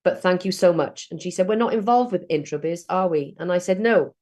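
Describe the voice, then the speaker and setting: A woman's voice: lowish voice, a little fast, warm tone. A middle-aged woman from South Wales, telling networking stories in a chatty way during an online training session. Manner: chatty storytelling.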